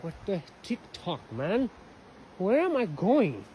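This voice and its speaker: A man's voice: high voice, huge pitch swings, slow pace, mellow, a little hiss or hum. A man rambling to his viewers while he wanders outdoor trails, swearing freely and talking straight to the camera. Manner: chatty, swears a lot, talks to viewers as "you guys". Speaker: vlogger.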